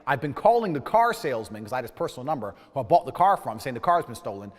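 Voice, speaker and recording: A man telling a story in a casual, animated way, swearing freely and acting out the dialogue. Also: medium pitch, quick pace, in a large hall. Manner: animated, profane, acts out dialogue.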